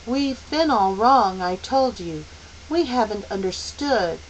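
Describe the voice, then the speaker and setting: A woman voicing a small boy who is possessed and speaks in a calm, bland, reasonable way. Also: medium pitch, slow pace, lo-fi sound, a little hiss or hum. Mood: coldly calm.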